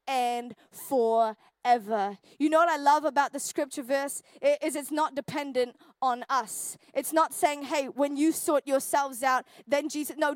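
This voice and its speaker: A woman pastor delivering an earnest sermon, rising to intense peaks and dropping to quiet, intimate passages. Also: high voice, dry recording. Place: church.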